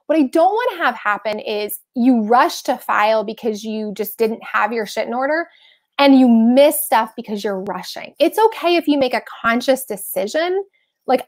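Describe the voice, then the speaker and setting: Chatty, animated woman giving tax advice. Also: fairly high pitch, moderate pace. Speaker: host giving tax tips. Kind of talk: live-stream advice talk.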